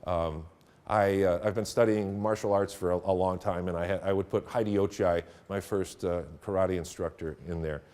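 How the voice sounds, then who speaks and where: A middle-aged teacher trainer with a deep voice gives a workshop lecture to teachers before a live audience in a room. At a moderate pace, he tells stories in an animated way and laughs along with them.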